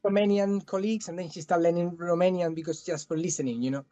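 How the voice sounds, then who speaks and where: A man's voice: high voice, steady tone, quick pace, warm tone, muffled recording, faint music behind. A man in his thirties from southern Spain with a thick Spanish accent, chatting as a guest in a casual interview, often restarting and repeating words.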